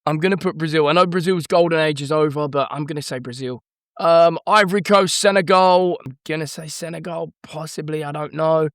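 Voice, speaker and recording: Guy thinking out loud over footy picks, bit higher voice, dry close mic. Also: no room sound. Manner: musing, hesitant, rattles off lists of team names. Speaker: football prediction vlogger. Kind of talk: casual thinking-aloud commentary.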